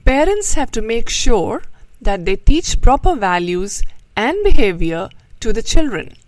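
A woman host reading a children's story aloud, then giving a gently moralizing talk to listeners. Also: a little high, no room sound, rough recording. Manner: slow, expressive, gently moralizing.

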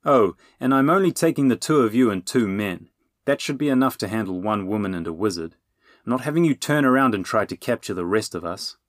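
Man doing a gruff, demanding outlaw. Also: fairly low pitch, expressive, fairly quick, dry recording, clean studio sound, lightly acted. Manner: grating and demanding. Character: gruff, impatient young male outlaw.

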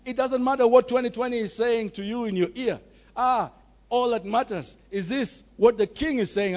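A man delivers a sermon in a high voice, pressing each point with emphatic repetition. The recording sounds dull and lo-fi, with the top end muffled. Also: a little mellow. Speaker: preacher.

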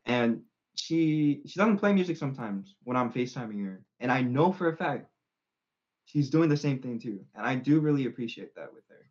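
A man's voice: medium pitch, animated, darkish tone, lo-fi sound. A young man on a casual podcast, talking earnestly and sincerely about his partner. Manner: earnest, sincere, drawn-out phrasing. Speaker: podcast co-host. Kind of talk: casual chat.

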